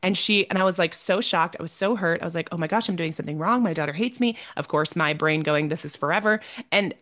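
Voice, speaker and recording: A woman's voice: on the low side, fast, fairly bright tone. A woman hosting a casual podcast conversation, a mother sharing personal parenting stories in a chatty manner. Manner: chatty, personal, laughs easily.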